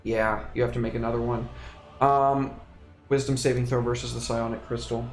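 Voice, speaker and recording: A man's voice: mid-range voice, little pitch movement, normal speed, reverberant. A man running a tabletop game as dungeon master, blunt and exasperated, swearing now and then.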